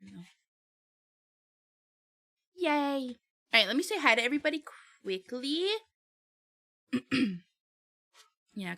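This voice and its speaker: A woman's voice: mid-range voice, vocal fry, bright, forceful tone, no echo. A woman streamer chatting casually with her viewers on a live stream, laughing often and talking while eating.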